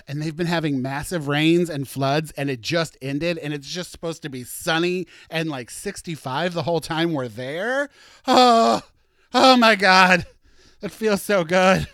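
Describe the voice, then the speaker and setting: Podcast host, middle-aged man, animated and campy, slightly higher voice, dry close mic. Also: no room sound. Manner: chatty, campy and animated, with laughs and mock outrage. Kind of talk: casual solo podcast chat.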